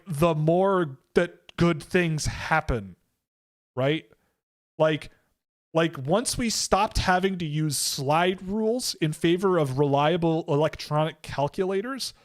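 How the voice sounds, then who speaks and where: A Canadian man hosts a casual livestream and rants about whatever comes up, with strong opinions. His voice sits a little higher than most men's. He rambles, starts sentences over, and slips into mocking impressions of other people. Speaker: host of a hockey prospect livestream.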